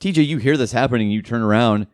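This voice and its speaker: A man's voice: medium pitch, quick pace, dry recording, clean studio sound. A man narrating as game master of a tabletop role-playing game, often laughing as he describes the action.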